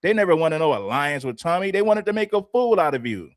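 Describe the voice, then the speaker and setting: A man's voice: a little high, sing-song, fast. A man hosting a livestream, mocking and laughing as he comments on clips and talks to the chat. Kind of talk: casual reaction commentary.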